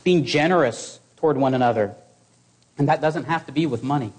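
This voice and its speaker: A man preaching a sermon to his congregation in an earnest, exhorting way, with measured pauses. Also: medium pitch, darkish tone.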